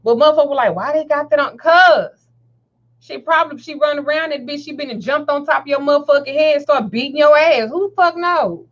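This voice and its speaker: A high-voiced woman tells a story full of cursing and laughter, acting out each quote herself. The sound is dull and lo-fi. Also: fairly quick. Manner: profane, animated storyteller who laughs often and acts out quotes. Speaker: host. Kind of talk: casual storytelling chat.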